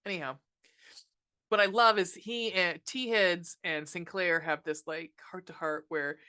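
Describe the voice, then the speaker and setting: A woman's voice: fairly low pitch, fairly even intonation, unhurried, bright, forceful tone. A woman hosting a podcast, ranting sarcastically about a movie with lots of swearing and fillers. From United States. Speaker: podcast host reviewing a film. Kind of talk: casual movie review monologue.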